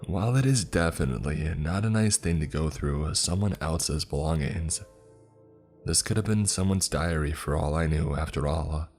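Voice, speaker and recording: A man narrating a first-person horror story in a slow, measured, even storytelling manner. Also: very deep voice, soft background music.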